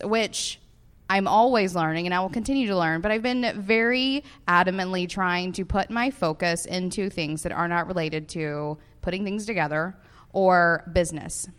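A woman's voice: on the low side, clear, resonant tone. Chatty Southern woman podcast co-host. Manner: chatty, animated, laughs often. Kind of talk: casual podcast chat before a live audience.

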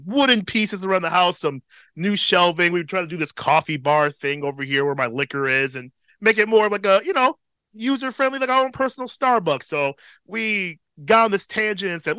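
A man in his thirties co-hosting a casual podcast chat, relaxed and profane, with a slight tickle in his throat. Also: sits high, clear, resonant tone, no echo. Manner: laid-back, profane, chuckles often. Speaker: podcast co-host.

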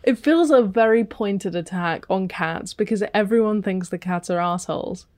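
A woman's voice: mid-range voice, moderate pace, a little mellow, dry recording. A woman co-hosting a podcast, reading out a story in a playful way. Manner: playful, laughs often, reads stories aloud. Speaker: podcast co-host. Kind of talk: casual storytelling chat.

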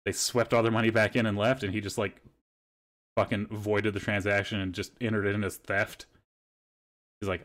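A man's voice: on the low side, flat delivery, normal speed, long pauses, fairly bright tone. A young man hosting a podcast, telling rambling stories in casual chat and swearing freely. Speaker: podcast host.

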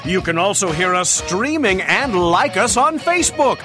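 A man's voice: high voice, sing-song, normal speed. A man acting as the booth announcer, reading the show credits in a formal announcer style. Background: music.

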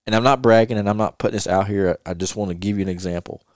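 A man's voice: lowish voice, very fast, no echo, studio quality. A middle-aged man from North Carolina, a podcast host earnestly telling a personal story and retelling advice he got. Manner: earnest, repeats himself, quotes advice at length. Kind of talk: casual chat, personal storytelling.

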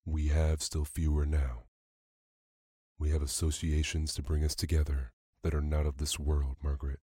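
A sorrowful, tender uncle speaks gently to his niece, voiced by a man reading a story aloud. The voice is very deep and mellow, with little rise and fall, and the recording is close and dry. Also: flat delivery, normal speed, husky, dry recording. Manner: soft, tender delivery.

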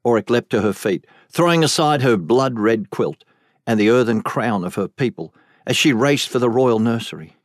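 A man narrating a fantasy novel audiobook in a measured, deliberate storytelling manner. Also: mid-range voice, expressive, dry recording, clean studio sound. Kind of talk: scripted narration.

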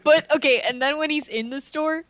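A woman's voice: high-pitched, brisk, a bit bright, lo-fi sound. A woman co-hosting a podcast, recapping a movie in playful, giggly casual chat. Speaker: podcast co-host.

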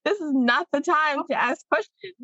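A woman guest in a casual chat, expressive and quick to laugh, asking questions. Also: high voice, dry recording, highs cut off.

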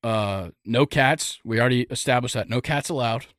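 A man's voice: medium pitch, moderate pace, fairly bright tone, no room sound, studio quality. A young man hosting a casual sports podcast, rambling and joking with lots of fillers. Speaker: podcast host.

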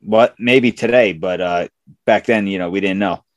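A man in a casual, profane chat, telling a school story in a laid-back, expressive way. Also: low-pitched, moderate pace, no room sound.

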